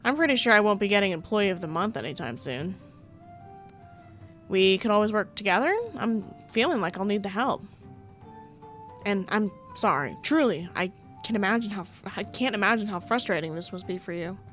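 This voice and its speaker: A young woman playing through a game, reading its text aloud and breaking off for playful, sarcastic comments. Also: mid-range voice. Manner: playful, chatty, sarcastic asides, frequent laughter. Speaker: game streamer.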